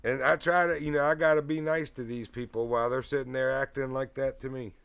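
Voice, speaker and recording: A man's voice: mid-range voice, steady tone, brisk, creaky, fairly bright tone, clear, resonant tone. A man telling a rambling, profane story in casual chat, laughing often and getting heated as he retells it. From Virginia. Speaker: streamer.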